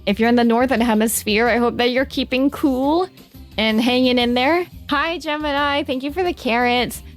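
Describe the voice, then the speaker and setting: A young Southern American woman talks to her stream chat at a desk mic. Her voice sits fairly high and swings up dramatically when she gets excited. She is bubbly and chatty, with faint music playing underneath. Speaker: VTuber streamer reading chat. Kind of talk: casual live-stream chat.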